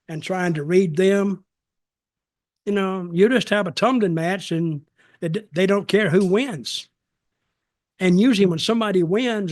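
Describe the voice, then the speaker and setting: A man's voice: high-pitched, no room sound, studio quality. An older man, a former wrestler, telling rambling, folksy stories about his career in a casual chat. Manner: folksy, rambling, acts out quoted voices. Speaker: storytelling show host, former wrestler. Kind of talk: casual storytelling.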